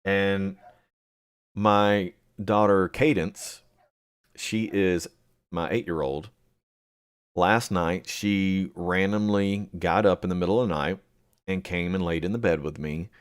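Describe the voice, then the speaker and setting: A man hosting a live chat, answering viewers by name and rambling with many pauses and fillers. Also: deep voice, steady tone, clean tone. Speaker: livestream host reading chat.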